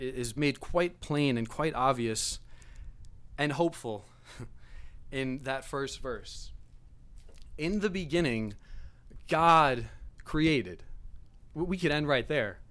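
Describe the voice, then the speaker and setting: Earnest young preacher, stumbling restarts. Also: male voice, a little high. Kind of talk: storytelling sermon.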